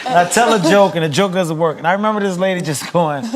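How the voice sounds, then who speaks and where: A man telling a comic story in an animated, laughing way. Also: high voice, quick pace, in a large hall.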